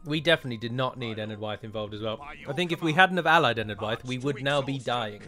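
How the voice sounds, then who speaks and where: A man's voice: medium pitch, expressive, quick pace, pushed and bright, faint music behind. A British man commentating on his strategy game, exasperated and swearing freely as the battle goes wrong. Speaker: strategy game let's-player. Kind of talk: gameplay commentary.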